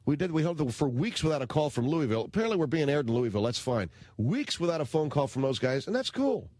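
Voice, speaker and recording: A man's voice: medium pitch, animated, fast, a little mellow, no echo. A man hosting a radio talk show, ranting in a blunt, slangy, indignant way into a studio microphone.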